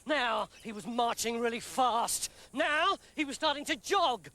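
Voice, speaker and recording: A man telling a comic story in a lively, playful way. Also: extremely high pitch, unhurried.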